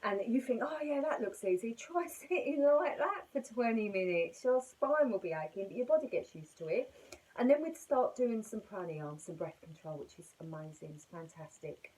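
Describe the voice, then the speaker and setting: A woman's voice: mid-range voice, expressive, normal speed, a little mellow, rough recording. A middle-aged woman talks through a casual yoga lesson at home. She rambles happily and keeps poking fun at herself as she explains. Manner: chatty, self-mocking, rambling. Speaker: yoga teacher.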